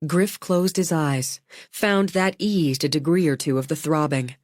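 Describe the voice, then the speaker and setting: A woman narrating an audiobook in an even, measured way. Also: low-pitched, no room sound, clean studio sound. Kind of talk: scripted narration.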